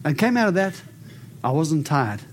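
A man preaching and praying over people in an animated, storytelling way. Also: fairly high pitch, normal speed, slight background noise. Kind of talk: prophetic ministry preaching and prayer.

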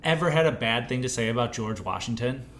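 A man's voice: medium pitch, animated, fairly quick, fairly bright tone, a little hiss or hum. A man co-hosting a casual beer podcast, joking and teasing his partner in a dry way. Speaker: podcast co-host. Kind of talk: casual beer-tasting chat.

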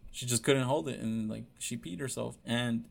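A young man telling a personal story in a casual way, blunt and full of swearing, with halting restarts. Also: medium pitch, vocal fry.

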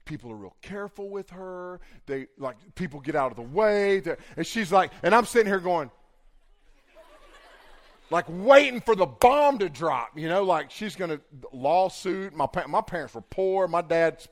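A young man preaching, telling a comic, animated story with big swings in volume. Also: high-pitched, normal speed. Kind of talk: storytelling sermon.

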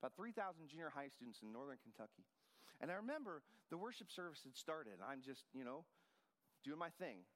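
A man's voice: a little high, very animated, fairly quick, a bit bright, in a large hall. A man in his forties preaching a sermon, telling a personal story in a conversational style. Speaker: pastor.

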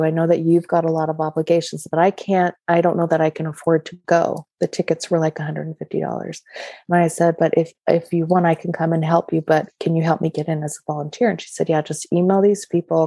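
A woman telling personal stories in conversation, animated and laughing often. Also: low-pitched, fast talker, dry recording. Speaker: guest. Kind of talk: conversational storytelling.

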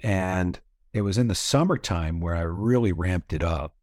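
A man's voice: low-pitched, normal speed, darkish tone, no room sound, clean studio sound. A middle-aged man from Canada, candidly telling a long personal story in a casual interview, rambling with many fillers and frequent swearing. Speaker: podcast guest.

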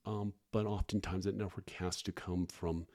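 A middle-aged man, a foster parent, talking candidly and earnestly as a podcast guest, often pausing and restarting. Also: low voice, little pitch movement, warm tone. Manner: earnest, halting, frequent restarts and fillers.

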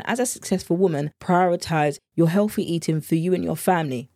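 A woman's voice: on the low side, warm tone, no echo, clean studio sound. Earnest British woman podcast host. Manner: earnest, heartfelt, chatty, faith-filled. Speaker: podcast host and meal planning coach. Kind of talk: solo podcast talk.

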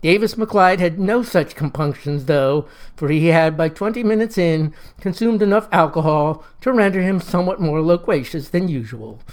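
A man narrating a first-person story in a folksy, wry, deadpan manner. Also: fairly high pitch, moderate pace, hardly any pauses.

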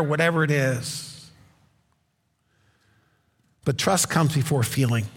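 A man's voice: fairly high pitch, breathy edge, long reverb tail. A man preaching a sermon as pastor, telling stories in a conversational way with wry asides.

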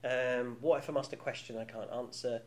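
A man's voice: mid-range voice, steady tone, fairly quick, a little mellow. A man in his thirties co-hosting a podcast, talking candidly in casual chat with many restarts and frequent laughs. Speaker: podcast co-host.

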